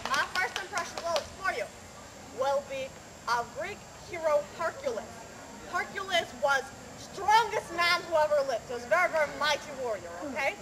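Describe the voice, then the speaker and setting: On an outdoor fair stage before a crowd, a woman performs a comic slackrope act at a renaissance faire, spinning a tall tale with theatrical patter and teasing the audience. Her voice sits high, with lively intonation and a moderate pace. The recording picks up plenty of outdoor crowd noise.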